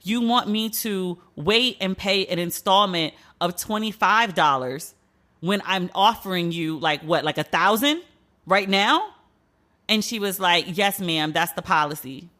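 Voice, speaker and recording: Blunt, bright-voiced woman podcast host. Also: on the low side. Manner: blunt, profane, animated storytelling. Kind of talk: solo podcast commentary.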